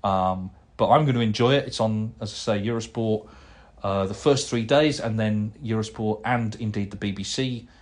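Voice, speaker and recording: A man's voice: fairly low pitch, normal speed. A middle-aged man hosting a casual solo podcast, rambling and chatty with plenty of fillers and restarts as he answers listener emails. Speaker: podcast host.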